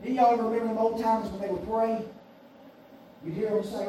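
A man preaching a sermon, emphatic and repetitive, swinging between shouts and hushed passages. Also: sits high, steady tone, normal speed, pauses often, muffled recording. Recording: echoey room, voice far from mic, faint hiss.

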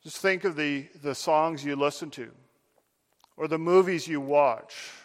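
A man's voice: on the high side, unhurried, long reverb tail. A man preaching a sermon, addressing his listeners directly with earnest, building emphasis.

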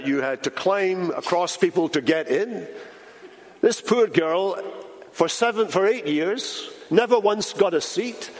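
High-voiced man, emphatic sermon, echoing church hall. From Britain. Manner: emphatic, with dramatic slowdowns and drops in pitch. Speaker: pastor. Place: large church sanctuary.

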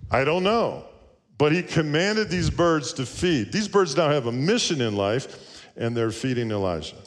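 A male pastor delivering an earnest sermon at a middle pitch, telling stories and posing rhetorical questions. His voice carries through a church sanctuary. A long reverb follows each phrase.

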